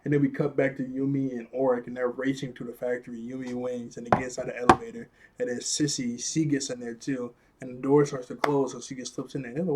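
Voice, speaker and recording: A young man casually recapping a cartoon episode, rambling and laughing often as he acts out the characters' lines in quick voices. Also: medium pitch, little pitch movement, husky. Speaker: video reviewer.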